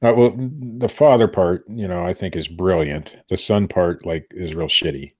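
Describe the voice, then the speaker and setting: Middle-aged male podcast co-host, very low voice, loose rambling chat, keeps restarting his sentences. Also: normal speed, a little mellow. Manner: rambling, self-interrupting. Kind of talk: casual chat. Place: home room.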